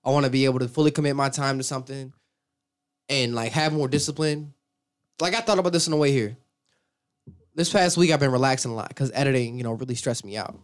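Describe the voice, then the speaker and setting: A man's voice: medium pitch, fast. A young man hosting a podcast, chatting casually in a rambling, laid-back way with casual swearing. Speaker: podcast host. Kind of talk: casual chat.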